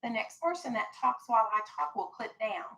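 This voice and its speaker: High, bright teacher. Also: female voice, animated, vocal fry, poor audio. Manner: firm, slow and explanatory, stressing key words. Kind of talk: classroom vocabulary lesson. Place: classroom.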